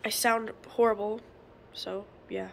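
Young female vlogger, high-pitched and a little under the weather, chatty and self-correcting, filmed on a phone at home. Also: little pitch movement, a little slow, a little hiss or hum. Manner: rambling, self-correcting, filler-heavy. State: sick. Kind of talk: casual vlog chat.

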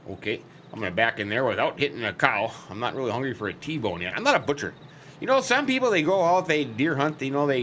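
A man's voice: on the low side, fairly bright tone, slight background noise. A man hosting a farming game let's play, chatting in a rambling, folksy, joking way as he plays a farmer character. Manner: rambling, folksy, jokey, self-interrupting.

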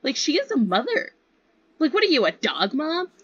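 A woman's voice: high voice, wildly swooping pitch, normal speed, voice pushed up. A woman voicing an exasperated young father who fires off indignant questions. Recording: slightly dull lo-fi sound.

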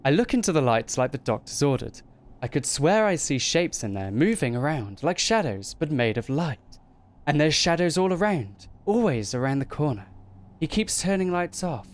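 A man's voice: a little high, sing-song, normal speed. A man reading aloud as a paranoid male diarist who is losing his grip, muttering his suspicions. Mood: suspicious.

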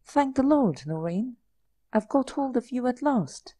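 A woman's voice: sits high, wildly swooping pitch, moderate pace, dark tone, dry recording, voice pushed up. A woman reading the part of an agitated young man-about-town, blurting urgent, exasperated lines. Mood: relieved, urgent.

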